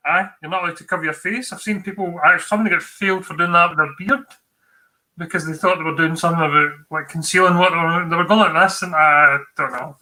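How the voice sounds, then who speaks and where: A man's voice: on the high side, steady tone, quick pace, bright, forceful tone, rough recording. A Scottish man co-hosting a tech livestream, giving exam tips in a chatty, informal way with many fillers and restarts.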